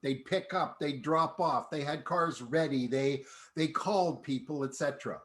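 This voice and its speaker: A man hosting a podcast, reflecting in a relaxed conversational way. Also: a little high, moderate pace. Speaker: podcast host. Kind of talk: casual podcast talk.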